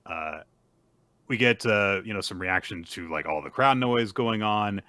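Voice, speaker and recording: Low, bright-voiced man recapping. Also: animated, unhurried, smooth, no echo. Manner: laid-back, many fillers, laughs often. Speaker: podcast host. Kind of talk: casual chat, recapping a story.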